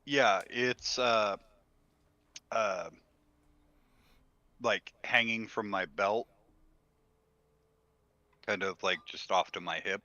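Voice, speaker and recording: A man playing a tabletop game, speaking his character's lines slowly and hesitantly. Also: fairly low pitch, steady tone, bright, forceful tone, no room sound, lo-fi sound. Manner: slow, hesitant with fillers. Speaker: player. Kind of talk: in-character tabletop role-play.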